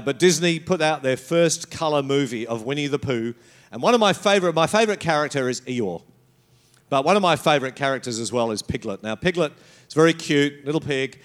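A man's voice: medium pitch, fairly bright tone. A middle-aged man, born in England, preaching a sermon in a storytelling way. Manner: storytelling, with brief put-on voices and accents. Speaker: pastor.

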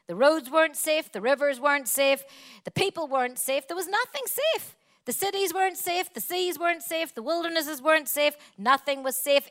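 A woman's voice: sits high, a bit bright. A woman preaching a sermon, emphatic and repetitive, building her points in long spoken lists.

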